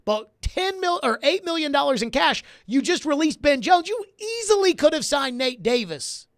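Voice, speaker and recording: A man's voice: very high-pitched, big pitch swings, moderate pace, vocal fry, no room sound. A man hosting a sports talk radio show, arguing his point emphatically and repeating key phrases for stress, on a studio microphone.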